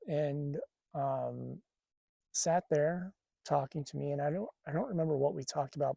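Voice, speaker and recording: A man's voice: mid-range voice, creaky, warm tone, dry recording. A man telling a personal spiritual story in a casual, rambling way, with many fillers and restarts. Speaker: spiritual channeler.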